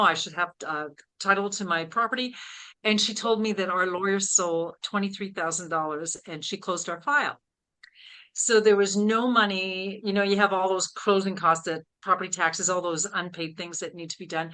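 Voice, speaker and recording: An older woman from Canada, a podcast guest, telling a personal story with animated voices for her past thoughts. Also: medium pitch, low-quality recording.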